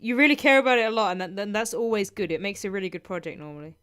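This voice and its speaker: Fast-talking bright-voiced woman. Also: mid-range voice, clean tone. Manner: encouraging, chatty. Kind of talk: casual podcast chat.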